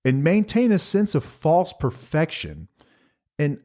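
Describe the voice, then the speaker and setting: A man's voice: fairly high pitch, huge pitch swings, slow pace, mellow. Guy in his 40s, podcast host, voice jumps all over, a bit sarcastic. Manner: sarcastic, emphatic storytelling. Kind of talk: casual podcast chat.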